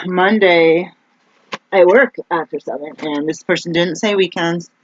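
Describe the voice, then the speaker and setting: In a dull, lo-fi recording with faint noise, a woman vlogger rambles casually to the camera. Her voice is fairly low with fairly even intonation, and she takes her time. She's chatty and meandering, restarting often and saying "like" a lot.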